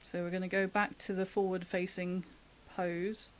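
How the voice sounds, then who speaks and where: A woman talks through a drawing demo in a relaxed, chatty stream. She thinks aloud as she sketches and laughs easily. She is from the UK. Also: fairly low pitch, moderate pace. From United Kingdom. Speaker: artist giving a drawing demo. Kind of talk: casual live-stream drawing tutorial.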